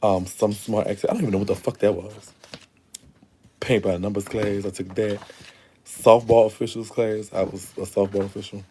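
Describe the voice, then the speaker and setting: A man's voice: on the low side, level tone, normal speed, dark tone, a little hiss or hum. A young man chatting casually to his viewers, swearing and laughing as he talks, recorded close on a phone or webcam. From Louisiana. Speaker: vlogger.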